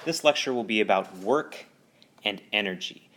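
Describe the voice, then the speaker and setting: A man with a fairly low voice teaches a physics lesson over a whiteboard recording. His delivery is lively and emphatic, and his pitch jumps sharply when he stresses a point. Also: moderate pace, a little hiss or hum. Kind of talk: whiteboard lecture.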